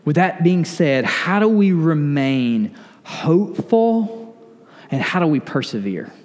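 A male pastor preaches earnestly, pausing and slowing on key words and sometimes dropping almost to a whisper. His voice sits a little high for a man. The sound carries a long reverb from a church sanctuary. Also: very animated, a little mellow. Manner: earnest preaching, slows for emphasis, drops to near-whisper on lists. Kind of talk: sermon.

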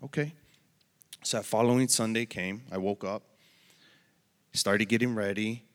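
A man's voice: fairly low pitch, steady tone. Earnest man giving a church testimony. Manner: earnest, emotional, halting. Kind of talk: personal testimony. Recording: long hall reverb.

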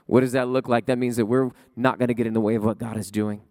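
A man preaching a sermon with passion, repeating phrases and swinging his pitch up and down. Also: little pitch movement, quick pace, a little mellow, no echo. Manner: impassioned preaching with sudden pitch swings and repetition. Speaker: pastor.

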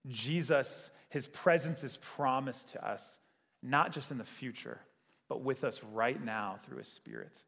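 A man's voice: medium pitch, unhurried, gravelly, a bit bright, big-room sound. A man preaching a sermon in a conversational way, often checking in with "right?". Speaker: pastor.

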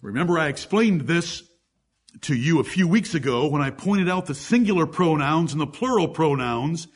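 Husky-voiced man preaching a sermon. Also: on the high side, expressive, moderate pace. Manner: preaching, reading scripture aloud with emphasis. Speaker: pastor.

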